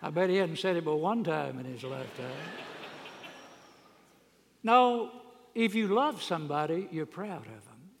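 Man preacher, fairly high voice, folksy sermon with loud emphatic peaks, church hall reverb. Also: animated, a little slow, vocal fry, long pauses, a little hiss or hum. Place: church sanctuary. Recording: long reverb of a large hall.

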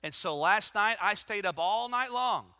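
A man preaching a sermon with rhythmic repeated phrases, swinging from hushed to loud and impassioned. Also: sits high, expressive, moderate pace, clear, resonant tone, in a large hall.

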